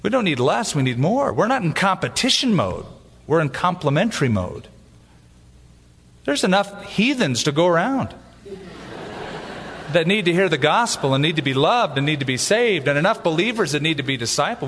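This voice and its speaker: Animated male preacher in a reverberant hall. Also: fairly high pitch, normal speed, slight background noise. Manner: animated, jokey preaching with acted-out asides. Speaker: pastor. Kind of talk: sermon.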